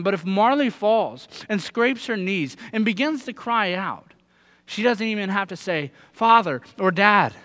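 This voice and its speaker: A man's voice: high-pitched, bright, forceful tone. A man in his thirties preaching a sermon, earnest and putting direct questions to his listeners. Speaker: pastor.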